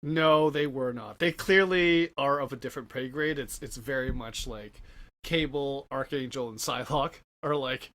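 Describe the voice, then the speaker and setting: A man with a bright, crisp tone in a casual podcast chat. He chimes in with short, laid-back agreement and the odd longer thought. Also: mid-range voice, normal speed. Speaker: podcast co-host.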